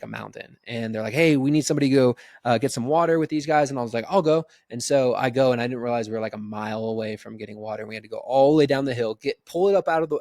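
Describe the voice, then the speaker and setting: A man in his thirties giving an energetic, conversational motivational business talk, often checking in with "right?". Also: medium pitch, dry recording, studio quality. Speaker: business coach.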